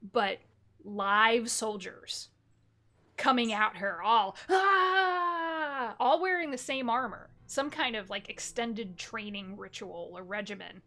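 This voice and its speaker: A woman narrating a tabletop game as game master, telling scenes slowly with descriptive detail and fillers. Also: medium pitch, sharp tone. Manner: slow, descriptive storytelling with fillers.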